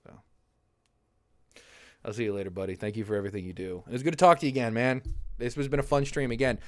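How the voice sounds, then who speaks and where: A young man chats casually to his livestream viewers, rambling from one topic to the next and laughing easily. His voice sits in a middle pitch. It sounds dry and close to the mic at his home setup. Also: steady tone, fast, dry recording. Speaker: livestream host. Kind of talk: casual chat.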